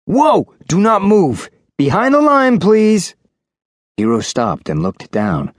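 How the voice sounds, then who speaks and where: A man narrates a children's story as an audiobook, his delivery lively and animated. His fairly low voice moves around a lot, captured close and dry with no room sound in this scripted reading.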